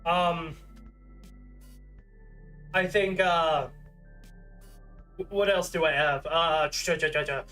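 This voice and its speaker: A man's voice: a little high, steady tone, takes it slowly, pauses often, bright, forceful tone, faint music behind. A man in his thirties chatting casually on a livestream, rambling and self-deprecating with lots of fillers. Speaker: streamer.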